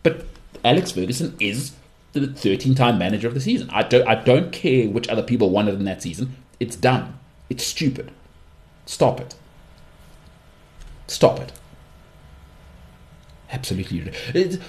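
A man with an English accent hosting his own podcast alone, giving strong opinions and often leaping into high-pitched mocking outbursts. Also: very animated, normal speed, long pauses, darkish tone. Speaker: podcast host. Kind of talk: solo podcast monologue.

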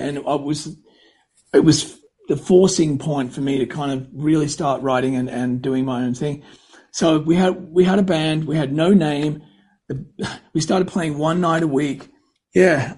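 This middle-aged U.S. singer-songwriter wanders through anecdotes during a casual interview, self-correcting often and acting out quotes. His voice is fairly high and husky, on a low-quality recording.

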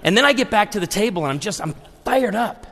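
A pastor in his forties preaching a humorous, story-driven sermon to a live audience, animated and acting out dialogue. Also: high voice, fast talker, noisy background. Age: 40s. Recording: long hall reverb.

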